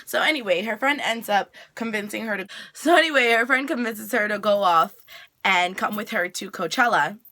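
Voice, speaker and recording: Bright-voiced chatty woman vlogger. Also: medium pitch, moderate pace. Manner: chatty, filler-heavy retelling with frequent "like". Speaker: TV review vlogger. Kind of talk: casual episode recap.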